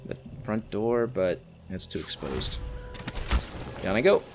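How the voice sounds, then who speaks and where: A man's voice: fairly low pitch, lively intonation, slow, noisy background. A man giving casual gameplay commentary as a let's play host, rambling with exasperated asides.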